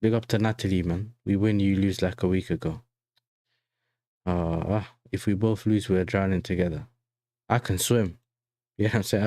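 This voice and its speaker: A man's voice: on the low side, fairly even intonation, normal speed, mellow, dry recording, clean studio sound. Laid-back guy chatting on stream. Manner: chatty and slangy, keeps saying "you know what I'm saying". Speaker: football fan channel host. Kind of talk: casual livestream reaction chat.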